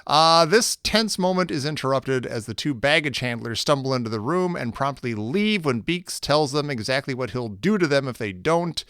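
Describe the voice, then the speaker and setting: A man hosting a movie podcast, chatting casually and summarizing film scenes with lively laughter. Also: mid-range voice, normal speed, few pauses, smooth, no room sound, studio quality. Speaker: podcast host.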